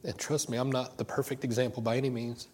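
A man's voice: mid-range voice, little pitch movement, fast talker, a little mellow, a little hiss or hum. Middle-aged man preaching, rambling storyteller. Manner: rambling, personal storytelling with frequent restarts. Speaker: pastor. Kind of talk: informal sermon.

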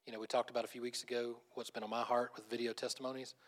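A man preaching a conversational sermon as pastor, animated, laughing often and restarting phrases. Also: mid-range voice, rapid-fire.

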